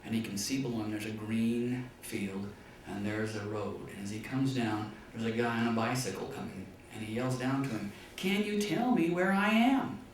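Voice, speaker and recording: A man teaching a business class, telling stories and acting out dialogue in a high voice for the punchlines. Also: steady tone, normal speed, few pauses. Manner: storytelling, acts out dialogue in a high voice. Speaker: business lecturer. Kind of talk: classroom business talk with anecdotes. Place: classroom or lecture hall. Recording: echoey room, far from the mic, faint noise.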